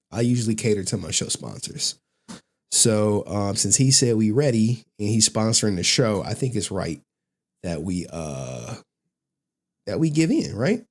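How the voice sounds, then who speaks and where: A man hosting a live stream, chatting casually in an animated, rambling way and laughing often. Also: on the low side. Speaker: streamer, host.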